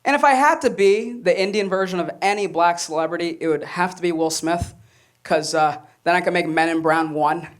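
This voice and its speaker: A man's voice: sits high, a little fast. A young man performing a stand-up comedy set, telling stories and acting out quoted voices. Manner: animated storytelling, acts out quoted voices. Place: comedy club stage with audience laughter.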